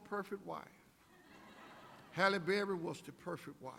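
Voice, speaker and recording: An older man delivers an inspirational speech to students, building his points with emphatic, preacher-like repetition. His voice sits a touch high and carries a gravelly edge. A long reverb trails every phrase across the large hall. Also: normal speed, bright, forceful tone, slight background noise. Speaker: guest speaker. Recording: echoey hall.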